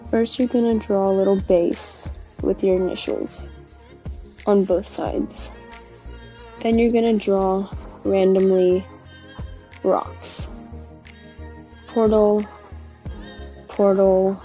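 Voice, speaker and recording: A woman walks through a drawing game's rules with patient, instructive delivery. Her tone is mellow and warm, and faint music plays beneath. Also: medium pitch, fairly even intonation, slow pace, long pauses, muffled recording. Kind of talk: tutorial video.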